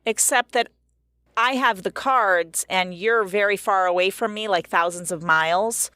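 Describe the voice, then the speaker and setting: A woman's voice: medium pitch, a little slow, sharp tone, no room sound. A woman co-hosting a casual podcast, chatting upbeat over a webcam call and running a game. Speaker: podcast co-host.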